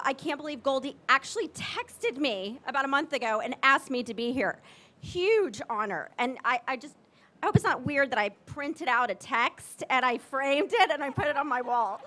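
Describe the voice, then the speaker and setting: A woman in her forties giving an emotional public tribute speech, gushing and excited, close to tears at times. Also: high voice. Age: 40s. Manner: gushing, excited and teary, quick asides. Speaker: tribute speaker at a ceremony.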